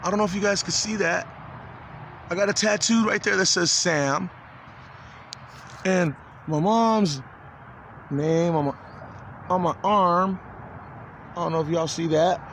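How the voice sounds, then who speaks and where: A man in his forties with a high-pitched voice pours out an agitated, swearing monologue to camera. He trips over his words and restarts constantly. Faint traffic noise hums behind him. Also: fairly bright tone. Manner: agitated, profane, halting with many restarts. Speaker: vlogger. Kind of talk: rambling confessional video monologue.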